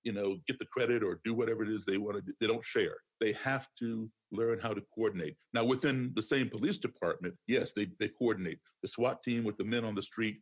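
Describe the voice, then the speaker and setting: A man's voice: lowish voice, fairly even intonation, a little fast, hardly any pauses. A man speaking as a podcast guest, emphatic and lecturing, repeating his key phrases as he makes a point. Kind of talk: conversational interview.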